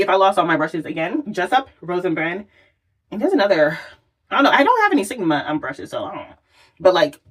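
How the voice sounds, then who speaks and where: A woman chatting casually through a makeup tutorial, exclamatory and swearing freely as she works. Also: on the low side. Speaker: makeup vlogger.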